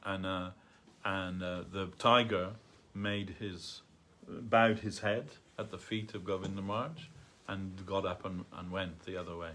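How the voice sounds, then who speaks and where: A man telling a story at a temple gathering in a halting way, with many fillers and restarts. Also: low-pitched, fairly even intonation, a bit bright, slight background noise. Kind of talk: storytelling talk. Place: temple hall.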